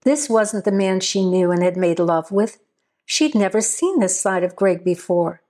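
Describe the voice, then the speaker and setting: A woman reading a horror story aloud as a scripted narration, at a steady, measured pace. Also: mid-range voice.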